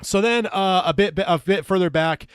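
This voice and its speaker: Rambling podcast host, fairly high voice. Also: male voice, moderate pace, smooth, no echo, clean studio sound. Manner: rambling, filler-heavy, reads out posts aloud. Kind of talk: casual chat.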